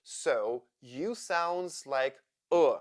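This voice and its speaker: A woman teaching English pronunciation in a slow, scripted lesson, drilling each vowel sound with repetition. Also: sits low.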